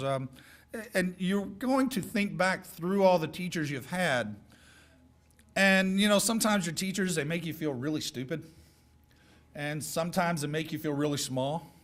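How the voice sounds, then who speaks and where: Speaking as a guest to a class of high school seniors, a middle-aged man gives direct advice in a folksy, joking manner. For a man his voice is slightly high, and its tone is fairly bright.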